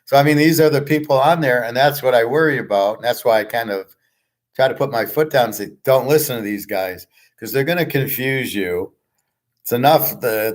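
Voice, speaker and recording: A middle-aged man running his own show chats loosely and bluntly, drifting between topics and cursing frequently. He speaks at a moderate pace with a medium-pitched voice.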